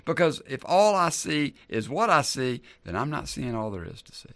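A man's voice: mid-range voice, sing-song, normal speed, a bit bright, no room sound. A man preaching a sermon as a pastor in an easygoing, conversational way, repeating key lines for emphasis.

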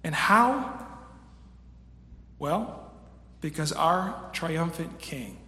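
A man's voice: on the high side, animated, extremely slow. Echoey preaching man in his thirties. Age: 30s. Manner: emphatic preaching, swings from soft to raised. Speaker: pastor. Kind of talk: sermon. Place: church sanctuary with a screen. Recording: echoey hall with long reverb.

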